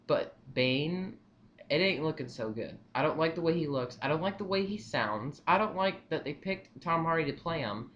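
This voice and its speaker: A young man giving his movie opinions in a casual vlog, rambling and excitable, repeating himself often. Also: on the high side, moderate pace, dull audio, slight background noise. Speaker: vlogger.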